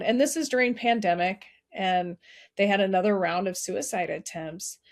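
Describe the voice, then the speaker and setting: A middle-aged woman, a podcast guest, telling a painful personal story in an earnest, heartfelt way with quick restarts. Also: mid-range voice. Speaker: podcast guest, nonprofit founder.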